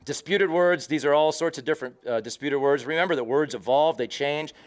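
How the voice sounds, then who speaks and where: A man's voice: a little high, fairly quick. A man speaking at a conference, explaining word meanings in a conversational way and acting out short quoted exchanges. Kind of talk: conference talk. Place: conference hall.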